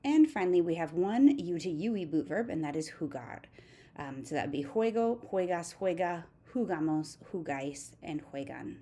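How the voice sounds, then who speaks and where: A woman, a teacher giving a steady, methodical recorded grammar lesson and reciting verb forms one by one. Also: on the low side, normal speed. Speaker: Spanish teacher.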